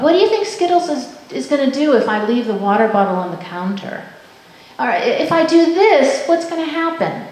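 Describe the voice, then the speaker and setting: A woman in her fifties giving a workshop talk to parents, lively and full of questions, acting out quoted voices. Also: on the high side. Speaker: parent education speaker. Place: school room. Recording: very echoey room with faint noise.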